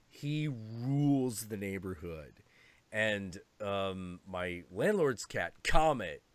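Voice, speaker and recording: A man's voice: on the low side, a little hiss or hum. A man chatting casually on a live stream, swearing and laughing as he tells animal stories. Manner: profane, laughing, animated storytelling. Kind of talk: casual chat.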